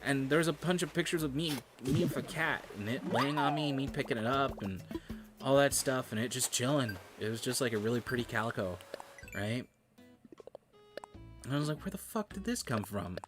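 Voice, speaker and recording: Guy streaming a game, rambling stories, swears a lot, average pitch, game music going clearly behind him. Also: moderate pace. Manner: rambling storyteller who swears freely. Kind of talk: casual chat while playing a game.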